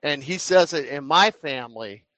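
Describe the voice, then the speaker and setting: A man's voice: a little high, expressive, moderate pace, fairly bright tone, no room sound, poor audio. A man on a faith talk call, speaking earnestly in a sermon-like way. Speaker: caller.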